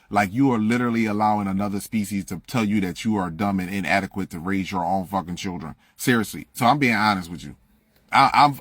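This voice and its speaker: A man's voice: fairly low pitch, a bit bright, dry recording, clean studio sound. A man ranting on a livestream into a phone, blunt, profane and preachy, repeating himself to press his point. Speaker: livestream host. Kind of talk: heated livestream rant.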